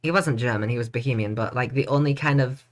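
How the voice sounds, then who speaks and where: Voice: mid-range voice, fast talker. A streamer commenting playfully and chattily on a courtroom game, reading lines aloud and joking along the way. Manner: playful, chatty, laughs at own jokes.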